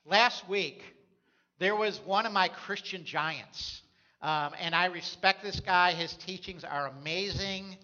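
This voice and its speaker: A man's voice: sits high, sharp tone, dull audio. A man preaching a sermon as a pastor, telling stories in a conversational way.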